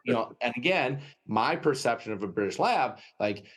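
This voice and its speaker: A man with a Wisconsin accent, a guest telling a lively anecdote in an interview and often tagging his sentences with "right?". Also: medium pitch, moderate pace, breathy edge. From United States. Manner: lively anecdotal storytelling, frequent "right?" tags. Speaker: guest, dog trainer. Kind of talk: storytelling interview.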